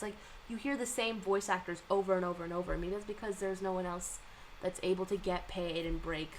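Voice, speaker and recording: A woman's voice: medium pitch, slight background noise, rough recording. A young woman chatting casually as she reacts to things and reads manga, chatty and full of fillers. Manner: animated, chatty, lots of likes and ums. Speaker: streamer reading manga and reacting. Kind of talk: casual chat.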